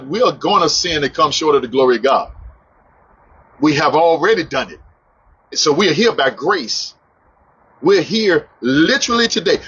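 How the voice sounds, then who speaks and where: A man preaching a Bible lesson with excitement, stumbling over names and laughing at himself. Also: on the high side, dull audio, a little hiss or hum.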